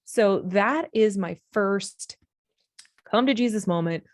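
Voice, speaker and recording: A woman's voice: mid-range voice, slow pace, dry recording. Give me a woman sharing a personal story on a podcast, earnest and emotional, in a dry, close-miked sound. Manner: earnest, emotional, with many restarts. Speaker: podcast guest.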